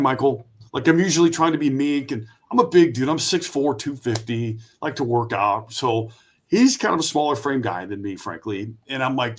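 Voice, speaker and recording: A man, an Army veteran guest, telling a lively anecdote and acting out the voices of the people in it. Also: mid-range voice, normal speed. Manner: lively storyteller who acts out quoted voices. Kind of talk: storytelling anecdote.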